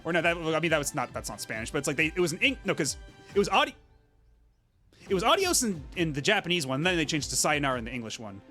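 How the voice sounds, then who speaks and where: A man's voice: a little high, sing-song, quick pace, bright, forceful tone, soft background music. A man streaming a game, chatting casually in a rambling, filler-heavy way. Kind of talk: casual gaming commentary.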